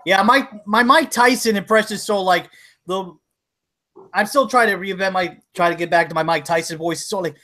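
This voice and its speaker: A man's voice: high-pitched, a little fast, sharp tone. A man hosting a casual online chat show. He rambles between jokes and breaks into giggles. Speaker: host.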